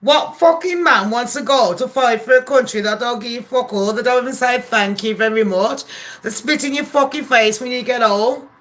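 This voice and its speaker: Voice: mid-range voice, fairly quick, few pauses, a bit bright. A host from England, ranting angrily about politics to camera, swearing constantly and firing off rhetorical questions. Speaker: channel host. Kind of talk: profane political rant to camera.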